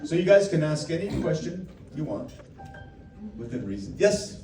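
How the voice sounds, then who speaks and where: Recorded from afar in an echoey meet-and-greet room with background noise, a man with a fairly high voice and big pitch swings jokes around with fans. He speaks at a moderate pace, laughing frequently as he shares stories during the casual Q&A he's hosting.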